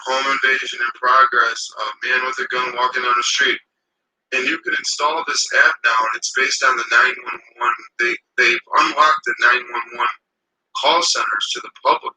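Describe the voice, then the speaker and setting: A man's voice: mid-range voice, sharp tone, slightly rough, poor audio. A man ranting casually to camera outdoors. He swears a lot and rambles heatedly.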